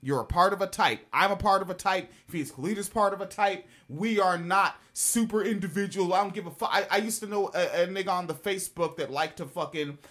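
A host rants through reaction commentary in a blunt, profane way, mid-pitched and plainly spoken. Laughing asides break up the opinions. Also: brisk, few pauses, a bit bright.

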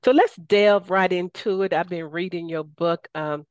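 A woman's voice: lowish voice, fairly even intonation, a little slow, no echo, lo-fi sound. A woman with a Southern US accent hosting a radio show, enthusiastic and folksy, calling her listeners y'all. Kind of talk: casual radio talk.

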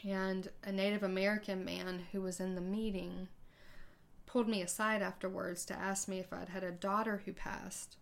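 Woman podcast host, storytelling, conversational, mid-pitched voice, stumbles through quoted dialogue. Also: level tone, normal speed, gravelly. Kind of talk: personal storytelling.

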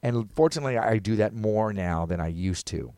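A man's voice: on the low side, lively intonation, a little fast, mellow, no room sound, studio quality. A man in casual podcast chat, rambling and reflective, now and then acting out quotes.

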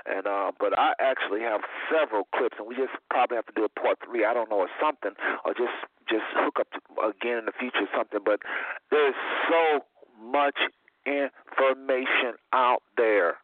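A man's voice: medium pitch, moderate pace, no room sound. A man hosting a radio show, talking casually in a rambling, informal way. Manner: rambling, informal, repeats himself. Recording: tinny phone line, dry.

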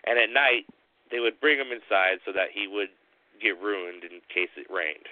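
A man with a low voice narrates a spooky tale, pausing slowly and dramatically between phrases. The sound is thin and narrow, like a phone line. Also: dry recording. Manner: slow, dramatic pauses. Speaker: storyteller host.

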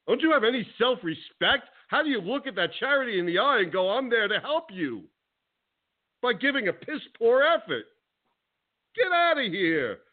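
A male talk radio host ranting combatively at a rival, then welcoming his co-host. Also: sits high. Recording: phone-line audio.

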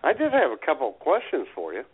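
A man's voice: on the high side, huge pitch swings, fast, breathy edge. Wry man co-host on a tinny line. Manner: wry asides. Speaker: podcast co-host. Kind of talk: casual chat. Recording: tinny phone-like audio.

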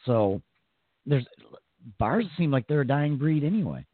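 A man's voice: medium pitch, sing-song, measured pace, dry recording. A man co-hosting a talk radio show, rambling and swearing freely in casual banter. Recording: tinny phone-like sound, dry.

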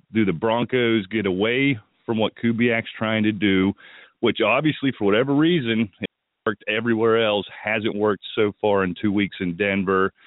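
A man with a lowish voice and a bit of morning voice hosts a fantasy football radio show, offering opinionated player advice in casual talk-radio style. He thinks aloud with restarts, and the dry recording has a tinny phone-line sound with no room sound.

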